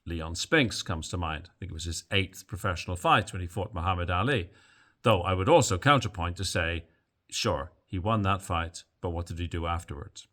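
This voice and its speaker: A man hosting a boxing news vlog, talking casually and with strong opinions as he wanders through asides and fillers. His voice sits low, with a forceful, bright edge. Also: moderate pace. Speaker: boxing news channel host. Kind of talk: casual commentary to camera.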